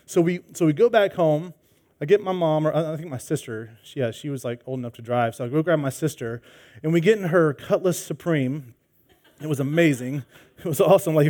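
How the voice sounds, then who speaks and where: Animated male pastor telling a story. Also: high voice. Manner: animated storytelling, acts out voices. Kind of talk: sermon with personal story.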